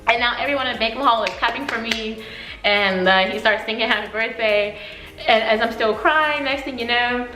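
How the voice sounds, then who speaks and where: A woman in her twenties telling a story for her vlog, animated and emotional, often laughing. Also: fairly high pitch, normal speed, reverberant, music in the background, rough recording. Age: 20s.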